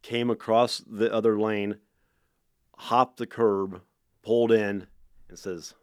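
A man guest on a podcast, telling a story in a loose, animated way and stumbling over repeated words. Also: on the low side, slow pace, clear, resonant tone, no room sound, studio quality. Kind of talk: casual storytelling.

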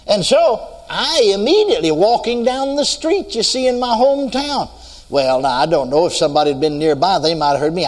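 A man's voice: fairly high pitch, husky. An older man from the United States preaching a sermon, telling a story and asking the congregation if they are listening. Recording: long hall reverb.

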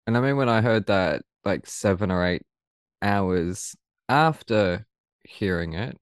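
Podcast co-host, man, animated and teasing, dry close sound. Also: fairly low pitch, measured pace, smooth, no room sound. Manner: lively, joking, swears freely. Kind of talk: casual chat.

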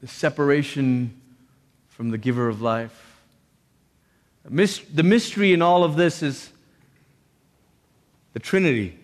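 A man preaching, his fairly high voice trailing a long reverb through the hall. He delivers his sermon with animation, slipping in jokey asides and putting on voices for quoted lines. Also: a little slow, pauses often.

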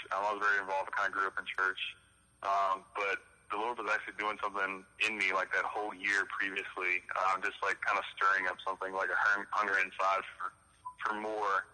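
Young man from Louisiana, low flat voice, hesitant, over a tinny speakerphone line. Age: 20s. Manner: hesitant, many fillers and restarts. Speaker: former youth group member on a phone call. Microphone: phone on speaker. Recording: tinny phone line in a hall.

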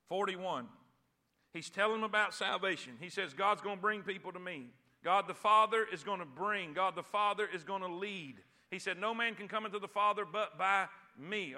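A man preaching a sermon, reading scripture slowly and calling on the congregation to answer back. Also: high voice, bright, forceful tone. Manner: call-and-response preaching, repeats phrases; drawn-out emphatic scripture reading. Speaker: pastor.

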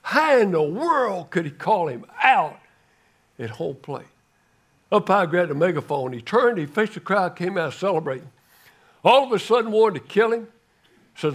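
An older man delivers a sermon in a fairly high voice. He tells his story with drama, rising into loud calls and dropping to a near hush for emphasis. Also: big pitch swings, normal speed, long pauses. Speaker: guest preacher.

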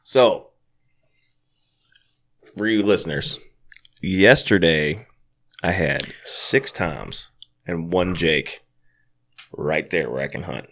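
A man with a low but bright, forceful voice that swings all over as he jokes. He's a podcast co-host in loose casual chat, sipping whiskey and swearing freely. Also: slow, long pauses. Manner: animated, joking, swears freely. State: drinking whiskey.

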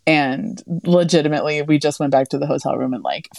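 A young woman co-hosting a podcast, telling a story in a chatty, animated way, filled with "like.". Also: low voice, a little fast, creaky, dry recording. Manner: chatty, animated, heavy use of "like". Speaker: podcast co-host. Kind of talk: casual storytelling chat.

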